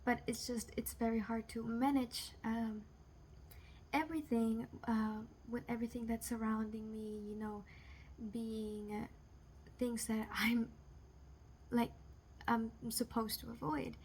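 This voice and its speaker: A young woman speaks to her viewers in a loose, rambling way, with a voice sitting a little high. She fills her talk with "like" and "you know" and laughs off what troubles her. A faint hum sits behind her. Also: flat delivery, unhurried, darkish tone. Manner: rambling, many fillers, laughs off serious things. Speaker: vlogger. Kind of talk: casual confessional vlog.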